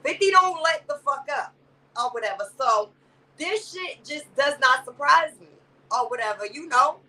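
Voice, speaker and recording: In a loose, profane live-stream commentary, the female host rambles, pads lines with "or whatever," and welcomes chat viewers by name as baby and sister. She talks at a moderate pace with a high, sharp voice and lively intonation. The distant mic yields low-quality sound.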